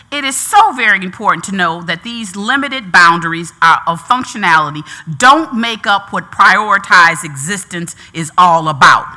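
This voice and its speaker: A woman preaching a sermon. Her voice is very bright and ringing, and her pitch swings widely. She repeats phrases with rising emphasis and calls to the congregation for answers.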